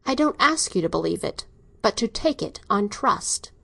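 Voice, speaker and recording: A woman reading an audiobook, voicing a middle-aged doctor father who is domineering and speaks in a measured, dry, ironic way. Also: medium pitch, sing-song, vocal fry, a bit bright, full character voice. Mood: cold.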